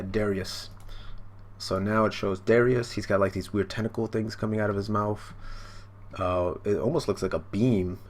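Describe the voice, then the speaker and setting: A man's voice: low voice, vocal fry, a little hiss or hum. A man casually reading through and reacting to a manga chapter for his channel, rambling, with many fillers and casual swearing.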